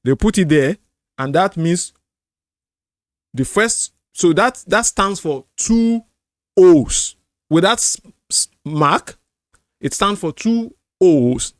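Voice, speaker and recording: Slow, dry-voiced Nigerian man teaching. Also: high-pitched, expressive, dry recording. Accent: Nigerian, Yoruba. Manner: explains slowly, repeats words, sings tone syllables. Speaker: apologetics channel host. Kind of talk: screen-share language lesson.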